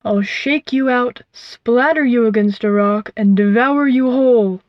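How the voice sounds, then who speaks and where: A woman voicing a huge, predatory female owl who talks in a calm, cooing, unhurried way, in a dull, dry recording. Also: fairly high pitch, dry recording, close to an everyday voice. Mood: furious.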